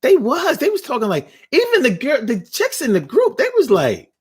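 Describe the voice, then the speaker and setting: A man's voice: extremely high pitch, huge pitch swings, normal speed, few pauses, husky. A man hosting a casual livestream, reading chat aloud and joking in a slangy, profane way.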